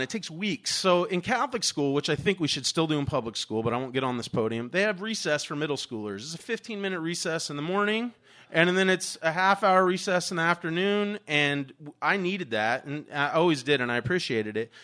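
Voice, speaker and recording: A man with a bright, forceful voice sitting a little high for a man tells a story from his own life. He is candid and animated, swears without a second thought and laughs along the way. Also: brisk. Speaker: teacher telling a personal story. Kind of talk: personal storytelling monologue.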